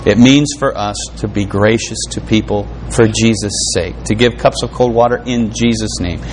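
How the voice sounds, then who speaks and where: A man's voice: on the low side, moderate pace, slight background noise. A man preaching a sermon, reading scripture aloud with fervent, rising and falling emphasis. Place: room with an audience.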